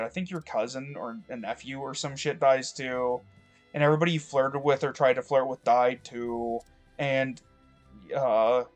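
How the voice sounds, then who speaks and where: Man in a mid-range voice, loose let's-play rambler who swears a lot and wanders off topic. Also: medium pitch. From Michigan. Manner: rambling, profane, digressive. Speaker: gameplay commentator. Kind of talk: casual let's-play commentary. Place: rural home.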